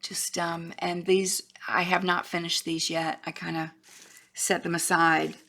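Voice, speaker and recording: Woman craft vlogger, gravelly and bright-toned, rambling show-and-tell, slips into soft whispers. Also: on the low side, little pitch movement, a little slow. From Florida, USA. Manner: chatty, rambling, trails off and restarts, drops to a whisper at times.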